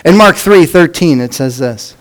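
A man preaching a sermon, with measured phrasing that drops off at the ends of lines. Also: a little high, animated, rough recording. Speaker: pastor.

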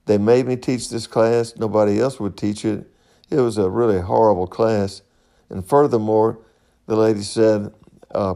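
A man's voice: on the low side, gravelly, mellow. A middle-aged man, hosting a podcast in a rambling, folksy monologue and laughing at his own stories. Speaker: podcast host.

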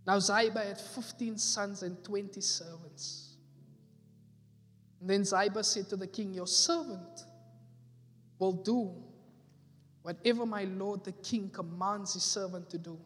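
A man's voice: sits high, steady tone, a little slow, long pauses, a bit bright. Male pastor, emphatic repetitive sermon delivery, reverberant church hall. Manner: emphatic preaching, repeating phrases for effect. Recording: echoey hall with faint music.

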